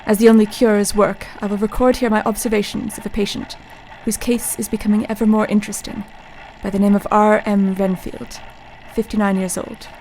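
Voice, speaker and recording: A woman playing a young male asylum doctor in a radio play, reading his journal in a measured, introspective way. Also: mid-range voice, little pitch movement, darkish tone, slight background noise, lightly acted, rough recording. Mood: brooding.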